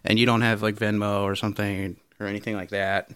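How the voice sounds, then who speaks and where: A man's voice: lowish voice, little pitch movement, brisk, a bit bright, smooth, no echo, studio quality. A man co-hosting a podcast, telling a rambling, profane story and laughing often. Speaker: podcast co-host. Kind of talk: casual podcast chat.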